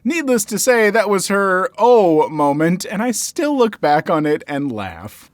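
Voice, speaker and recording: A man in his thirties hosts a story show in a high, bouncy voice that swings widely in pitch. He talks casually and animatedly, with frequent fillers and self-corrections. The sound is close and dry. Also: very animated, unhurried, no room sound. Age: 30s. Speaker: host reading and reacting to viewer stories. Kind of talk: casual chatty commentary.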